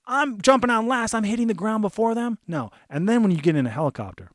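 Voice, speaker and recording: Young army vet guy telling a funny story, high voice, swears a lot, dry close sound. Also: brisk, hardly any pauses, dry recording. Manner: animated and profane, acting out his own panic. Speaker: Army veteran telling stories. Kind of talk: comedic storytelling.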